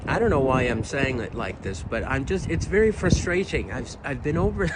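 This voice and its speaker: A man's voice: mid-range voice, expressive, normal speed, noisy background. A man with a weathered voice, a singer talking frankly in a casual vlog, emphatic and frustrated, with rhetorical questions. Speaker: singer and video creator.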